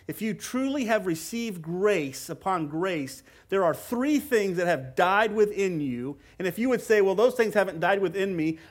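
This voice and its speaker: A man preaching a sermon as pastor, in a conversational but emphatic way, often repeating words as he presses a point. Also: sits high.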